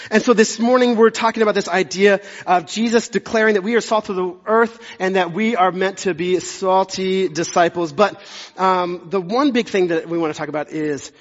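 A man's voice: high voice, normal speed. A young man, a pastor preaching a conversational, self-deprecating sermon with jokey asides. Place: church sanctuary. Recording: dull sound with long hall reverb.

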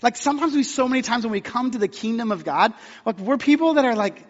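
High-voiced pastor in a reverberant hall. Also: male voice, lively intonation, fast, hardly any pauses. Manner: storytelling, conversational with acted-out quotes. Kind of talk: sermon. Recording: dull sound with long hall reverb.

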